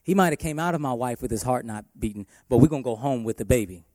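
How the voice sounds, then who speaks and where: Male worship pastor preaching, emphatic delivery, mellow tone, close dry sound. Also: medium pitch, lively intonation, fast, no echo. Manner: emphatic preaching with shifting loudness. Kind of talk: sermon.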